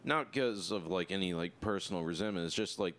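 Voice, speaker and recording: A man's voice: low-pitched, fairly quick, a bit bright. A man who is a comedian and podcast co-host, talking in a laid-back, agreeable way and chiming in with short replies. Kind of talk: casual podcast chat.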